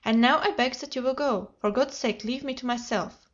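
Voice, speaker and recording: A woman's voice: high voice, moderate pace, close to an everyday voice. A woman reading the part of a nervous, overwrought male company manager who pleads under strained politeness, in a dull lo-fi recording.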